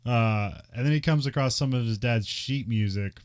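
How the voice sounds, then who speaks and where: A man's voice: mid-range voice, normal speed, clear, resonant tone. A man co-hosting a podcast, recapping a movie in loose casual chat and laughing often. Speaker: podcast co-host. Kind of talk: casual film discussion.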